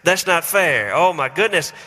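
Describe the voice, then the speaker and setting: A man's voice: a little high, expressive, measured pace, bright, forceful tone, exaggerated voice. A man voicing a whiny young child who keeps protesting that things are unfair. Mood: whining. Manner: whining, repetitive protest. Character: whiny young child complaining about fairness. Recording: long reverb in a large hall.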